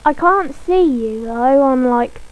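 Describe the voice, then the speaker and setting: High, slow-talking playful woman gamer. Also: lively intonation, no echo, highs cut off. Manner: playful, rambling, mock-dramatic. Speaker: gaming video creator. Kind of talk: silly gaming commentary on a call.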